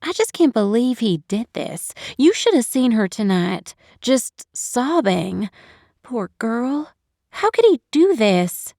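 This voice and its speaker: Narrator doing a hot-headed protective woman, emphatic, mellow tone. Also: on the high side, very animated, moderate pace, few pauses, dry recording, studio quality, pitched above the performer's own voice. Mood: upset, determined. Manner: heated, emphatic. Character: fiery, meddling woman, protective and emotional.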